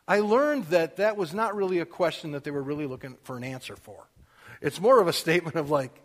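A middle-aged man preaching a sermon in an everyday conversational way, getting louder and more emphatic when he reads scripture. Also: on the high side, a little fast. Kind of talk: casual sermon. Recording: long reverb of a hall.

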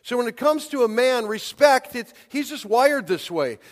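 High-voiced preacher in an echoing hall. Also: male voice, animated, normal speed. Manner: emphatic, rising to near-shouts on key points. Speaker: pastor. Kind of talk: sermon. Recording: long hall reverb.

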